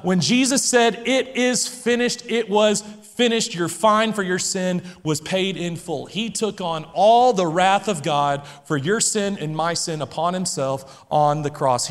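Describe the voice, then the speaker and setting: A male pastor preaching a sermon with emphasis, repeating key phrases and moving between loud declarations and hushed lines. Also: fairly high pitch. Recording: long reverb from a large hall.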